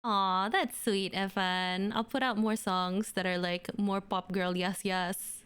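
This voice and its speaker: A woman's voice: medium pitch, steady tone, slow pace, a bit bright, clear, resonant tone. A young adult woman livestreaming, chatting casually and gushing to her viewers, full of fillers. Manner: bubbly, gushing, filler-heavy. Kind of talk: casual stream chat with viewers.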